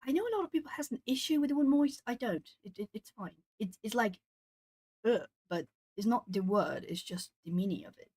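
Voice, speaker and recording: A young Brazilian woman, a native Portuguese speaker, chats casually on an art stream while colouring, rambling along and reading chat out loud. She talks fast and expressively with hardly any pauses, in a slightly high, darkish, slightly rough voice.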